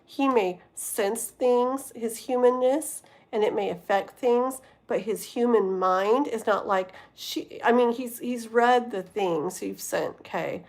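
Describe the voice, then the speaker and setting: A woman's voice: fairly high pitch, slow pace, few pauses, darkish tone. A young adult woman doing a tarot reading on a livestream, casually chatting with viewers and filling her speech with "like" and "you know.". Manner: reads chat messages aloud and greets viewers by name. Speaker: tarot reader and livestream host.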